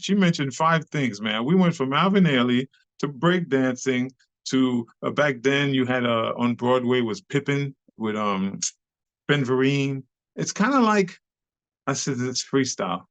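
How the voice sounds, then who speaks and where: A New man in his fifties tells club stories as an interview guest. He is loose, slangy and profane, and he slips into the voices of the people he talks about. His voice sits at a middle pitch, and the recording sounds a little dull and lo-fi. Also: a little slow. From New York City. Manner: animated storyteller, slangy and profane, acts out quoted people. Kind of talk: casual storytelling interview.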